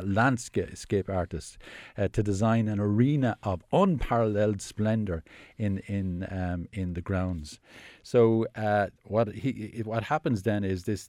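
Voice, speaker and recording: A man's voice: fairly low pitch, warm tone, dry recording, clean studio sound. An Irish man talking about new films on the radio, hesitant, with many fillers and restarts. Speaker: film critic. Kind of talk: casual radio film review. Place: radio studio in Dublin.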